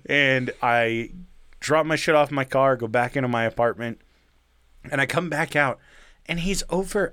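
A young man telling a story casually, with plenty of fillers and curses. His voice sits at an ordinary middle pitch and sounds close and dry. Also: fairly bright tone, no room sound. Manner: rambling, with many fillers and swearing.

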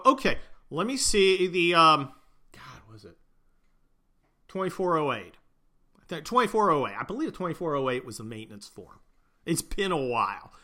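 His voice sits high as he gives casual, opinionated takes, crude and blunt, with joking asides. Loud bursts give way to muttered remarks and back again.

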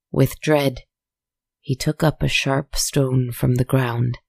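A storyteller reading a dark tale in a slow, solemn, measured way. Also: medium pitch, gravelly, breathy edge, no echo. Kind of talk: scripted story narration.

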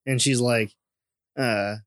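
A man's voice: mid-range voice, steady tone, slow pace, a bit bright, clean tone, dry recording. Laid-back young man, dry close sound. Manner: laid-back, rambling with many fillers and laughs. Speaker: podcast co-host. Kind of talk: casual chat.

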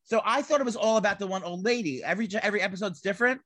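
A man's voice: high-pitched, very fast, a bit bright, no echo. A man co-hosting a podcast in casual chat, rambling with lots of fillers and restarts. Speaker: podcast co-host.

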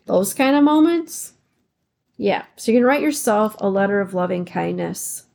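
A woman hosts a self-help podcast in an encouraging, coaching tone, often asking her listeners rhetorical questions. Her voice has a gravelly fry at mid pitch, and her delivery is unscripted and full of small restarts. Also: lively intonation, normal speed, a little mellow. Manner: fillers and restarts, emotional at times. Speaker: podcast host. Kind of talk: supportive self-help talk.

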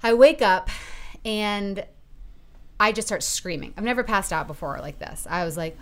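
A middle-aged woman telling an embarrassing story in a casual podcast chat, animated and giggly, acting out her own quotes. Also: mid-range voice, moderate pace. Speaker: podcast guest.

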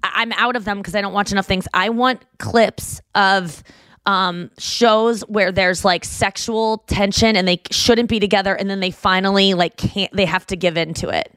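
A woman's voice: medium pitch, steady tone, moderate pace, a bit bright, clean tone, no echo. A woman in her thirties hosting a podcast, chatting casually and rambling with lots of fillers and restarts. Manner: rambling, many fillers and restarts, acts out movie lines. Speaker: podcast host. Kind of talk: casual chat.

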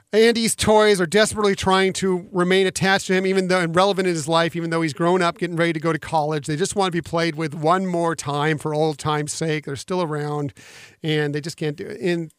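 A man's voice: a little high, a bit bright, clear, resonant tone, no room sound, studio quality. A man co-hosting a casual movie chat, heartfelt and rambling with restarts, getting teary. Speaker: podcast co-host.

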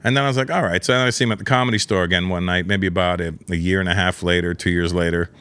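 A man hosting a podcast as a comedian, telling stories in a quick, animated way and swearing freely. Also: low-pitched, clear, resonant tone. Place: studio in Los Angeles.

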